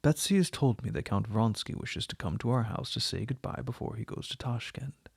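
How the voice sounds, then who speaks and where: An anxious young noblewoman, as a male reader puts her on, speaking rapidly and tensely. The delivery carries a gravelly, husky grain in a dry, close recording. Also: medium pitch, no room sound. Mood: agitated.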